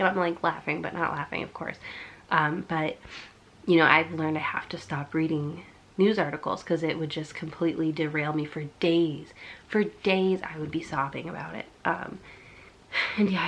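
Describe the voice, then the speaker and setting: Young woman vlogger with a stuffy nose from a cold; a slightly low, chatty, confessional delivery. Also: fairly bright tone. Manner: chatty and confessional, with fillers and nervous laughs. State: congested from a cold. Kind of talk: candid personal vlog.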